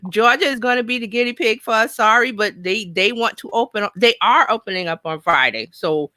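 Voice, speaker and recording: A woman's voice: on the high side, expressive, a little fast, sharp tone, no echo. A woman from New York hosting a casual live show, chatting and reading out viewer comments. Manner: chatty, thinks aloud, reads viewer comments. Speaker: host.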